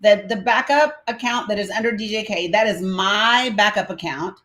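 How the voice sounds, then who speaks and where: An American woman hosting a livestream panel talks casually at first, then grows impassioned and profane as she rises into outrage. Her voice is medium in pitch with a fairly bright tone, at normal speed.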